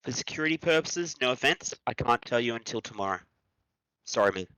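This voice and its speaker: A man's voice: medium pitch, animated, fairly quick, pushed and bright, clean tone, no room sound, low-quality recording. A man playing a tabletop role-playing game, talking hesitantly with many fillers. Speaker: player. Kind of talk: casual tabletop role-play.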